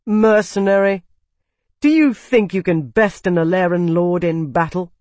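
Narrator voicing a shrill, haughty young lord. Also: a little slow, a little mellow, no room sound, close to an everyday voice. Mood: sneering. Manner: shrill, indignant, hissing. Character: arrogant haughty young male noble lord.

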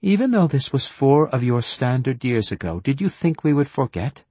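A man's voice: mid-range voice, big pitch swings, normal speed, darkish tone, breathy edge, no echo, pitched above the performer's own voice. A man voicing a stern old female alien elder who speaks coldly and accusingly.

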